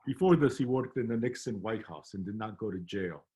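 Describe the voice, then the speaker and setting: A man reading a wary older Soviet foreign minister over a video call, with a light put-on Russian accent and a dry, deadpan delivery. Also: lowish voice, fairly quick, breathy edge, pitched below the performer's own voice. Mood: wry.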